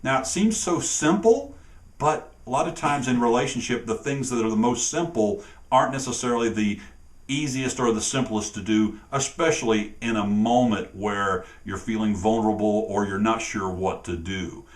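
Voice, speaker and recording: A man's voice: lowish voice, normal speed. A man, a relationship coach co-hosting with his wife, talking earnestly to camera in a casual, conversational way.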